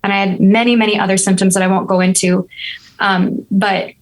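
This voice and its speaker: As a podcast guest, a woman in her thirties candidly recounts a personal ordeal, earnest and reflective. She speaks briskly in a middle register that stays fairly level and steady, on a rough recording.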